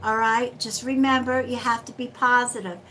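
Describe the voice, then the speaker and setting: High bright-voiced woman, unhurried. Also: fairly even intonation, a little hiss or hum, low-quality recording. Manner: chatty, calls viewers sweetheart. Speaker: psychic reader hosting a livestream. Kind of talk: casual livestream chat, greeting viewers.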